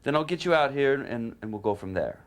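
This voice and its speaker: Brief: tired, drawling older rock singer, gentle but in charge, as a man puts him on. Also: mid-range voice, expressive, fairly quick, voice pushed up, natural voice.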